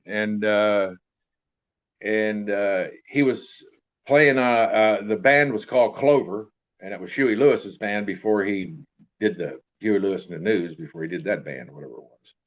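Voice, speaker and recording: A man's voice: on the low side, moderate pace, fairly bright tone. An older man, an actor, telling casual anecdotes in an interview in a rambling way, restarting sentences and trailing off with throwaway tags. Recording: dull lo-fi recording.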